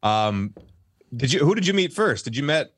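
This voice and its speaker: A man's voice: mid-range voice, sing-song, normal speed, a bit bright, breathy edge, dry recording. A man with a mid-range voice hosts a casual podcast chat, tripping over his words as he asks questions. The recording is dry and close. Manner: friendly, stumbling questions, laughs easily. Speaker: podcast host.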